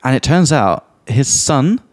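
A young man hosting a podcast about learning English, telling a story in a casual, animated way and laughing often. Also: medium pitch, measured pace, no echo. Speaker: podcast host and English teacher.

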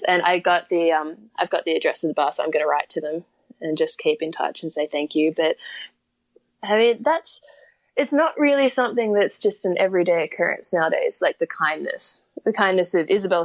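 A woman's voice: on the low side, dry recording. A young Australian woman telling a story in a casual interview, chatty, with frequent laughs and fillers. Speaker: guest.

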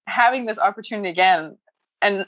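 A woman's voice: medium pitch, fairly quick, fairly bright tone, no echo, dull audio. A woman talking about her personal growth as a coaching client, emotional and laughing often as she rambles. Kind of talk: casual heartfelt chat.

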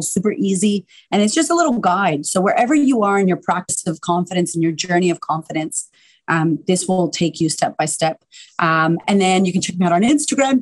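A woman guest on a podcast, a confidence coach talking in an animated, emphatic way and swearing casually. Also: on the low side. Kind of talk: casual interview chat.

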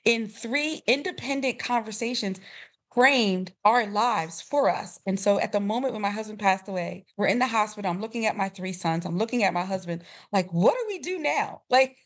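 A woman in her fifties, a grief coach, telling a personal family story with expressive swings and laughter. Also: moderate pace. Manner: expressive, rising to high emotional peaks with laughter. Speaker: grief coach, interview guest.

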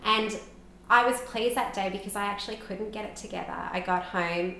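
A woman's voice: medium pitch, normal speed, sharp tone. A woman in her thirties, a podcast guest, talking openly and emotionally, with lots of "like" fillers. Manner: frequent "like" fillers, open and emotional. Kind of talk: candid conversational storytelling. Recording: roomy echo with faint background noise.

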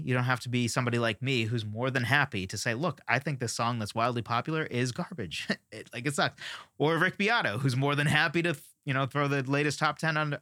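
A man's voice: medium pitch, sharp tone, dry recording, clean studio sound. Opinionated man ranting about songwriting. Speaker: songwriting teacher. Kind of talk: casual lesson on songwriting.

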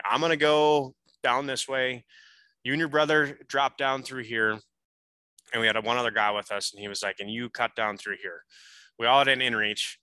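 Bright-voiced man telling a story. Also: mid-range voice, clear, resonant tone, no room sound, poor audio. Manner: animated, lots of "like" fillers. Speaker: podcast guest. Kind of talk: casual storytelling.

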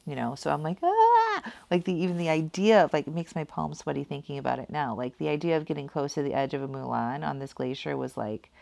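A woman's voice: low-pitched, fast talker, creaky, few pauses, a little mellow. A woman casually telling a personal story, rambling with many fillers and laughing at herself. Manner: rambling, heavy use of "like" and "kinda".

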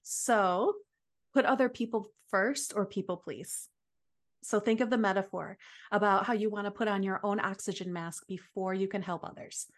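A woman who works in Reiki, guesting on a podcast and sharing calming tips in a soft, gentle voice. Her delivery is soothing and unhurried, at an ordinary middle pitch. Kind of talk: guided calming advice.

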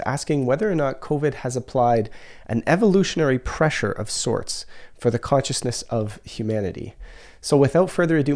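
A man's voice: medium pitch, vocal fry, darkish tone. A man hosting a podcast, introducing the episode in an earnest, conversational way, his nose stuffy from a cold. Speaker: podcast host.

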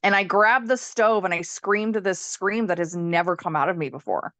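A woman guest on a podcast, a healer, telling her own story in a candid, animated way, laughing often and swearing freely. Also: fairly low pitch, normal speed, no room sound. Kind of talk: casual storytelling in a conversation.

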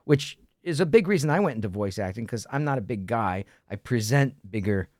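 Lively, chatty male podcast host. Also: medium pitch, fairly quick, no room sound, clean studio sound. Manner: lively, chatty, laughs often. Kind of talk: casual interview chat.

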